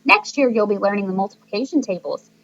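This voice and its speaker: A woman voicing an emotional, gushing teacher who is also a mom, sing-song and high-pitched. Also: lively intonation, fast talker, fairly bright tone, muffled recording. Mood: cheery.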